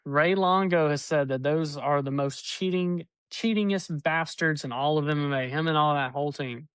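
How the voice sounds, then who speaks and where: A man's voice: on the high side, moderate pace, a bit bright, smooth, no echo. A man co-hosting a podcast in casual chat, mostly agreeing and restarting his sentences. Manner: agreeing, laid-back, stumbling restarts. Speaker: podcast co-host.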